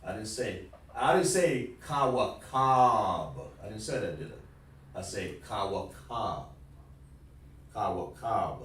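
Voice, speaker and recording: A man teaching pronunciation, insistently repeating sounds slowly and coaxing his student to hear the difference. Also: fairly low pitch, lively intonation. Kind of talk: pronunciation lesson. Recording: echoey room heard from a distance with faint noise.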